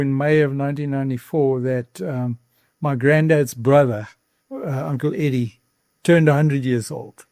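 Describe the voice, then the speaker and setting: A man's voice: on the high side, darkish tone, no room sound, studio quality. A man in his sixties with a South African accent, a farmer telling his story earnestly in an interview, with the odd repeated word and a catch of emotion. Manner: earnest, emotional, repeats words when moved. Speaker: farmer guest.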